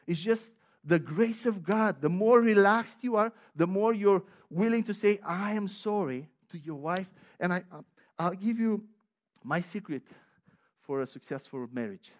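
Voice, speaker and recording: A man with a notably high voice delivers a sermon as a pastor. He leans hard on repeated words and restarts his sentences as he presses each point. He also drops into chatty personal asides. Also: animated, measured pace. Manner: emphatic and repetitive, with frequent restarts; conversational, personal asides with light laughter.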